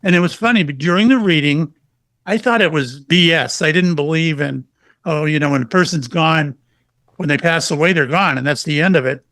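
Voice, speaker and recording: A man's voice: on the high side, fairly quick, no echo. A middle-aged man, a psychic medium guest, telling stories in a casual interview and acting out the quotes. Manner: animated storyteller, acts out quotes.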